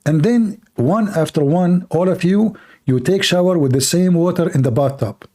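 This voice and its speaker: A man's voice: sits high, moderate pace, dark tone. A man with an Arabic accent hosting a live stream, talking in a sarcastic, rambling way with many fillers. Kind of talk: mocking casual monologue.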